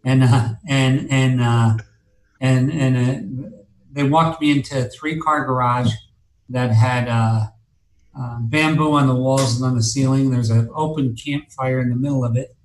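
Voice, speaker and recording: A man's voice: mid-range voice, fairly even intonation, a little slow, echoey room, slight background noise, rough recording. A man telling a long personal story as an interview guest, rambling and cursing, with many fillers and restarts. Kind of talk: casual storytelling.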